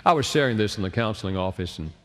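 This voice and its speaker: A man's voice: on the low side, lively intonation, fast, fairly bright tone. A man, an author and counselor, giving a storytelling talk and acting out the people he quotes. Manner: acts out quoted people with changed voices. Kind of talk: lecture with storytelling. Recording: long reverb of a large hall.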